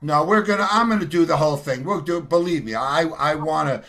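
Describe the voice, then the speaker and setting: A man's voice: fairly high pitch, brisk, bright, forceful tone. A man hosting an interview show, talking in an enthusiastic, effusive casual chat. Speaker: show host.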